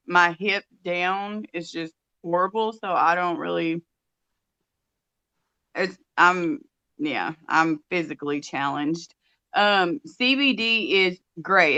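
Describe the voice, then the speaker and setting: A woman's voice: fairly low pitch, bright, forceful tone, clean tone, dry recording. A woman calling in to a live stream who rambles and restarts her sentences often. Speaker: call-in guest. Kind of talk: casual chat. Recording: dull lo-fi call audio.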